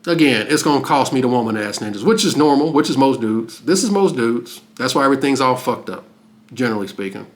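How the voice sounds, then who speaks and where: A man giving animated, preachy reaction commentary. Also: medium pitch, fast. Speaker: commentary streamer.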